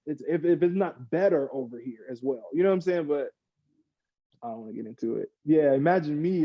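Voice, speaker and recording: A man, a podcast guest, chatting casually and getting worked up, acting out other people in quick mock quotes. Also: on the high side, no room sound, dull audio. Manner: animated, rants with mock quotes. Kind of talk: casual chat.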